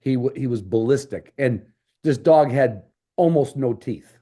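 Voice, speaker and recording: A man's voice: medium pitch, animated, a little slow, warm tone. A man hosting a podcast, telling stories in a casual, rambling way with many restarts. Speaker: podcast host. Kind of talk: casual storytelling chat.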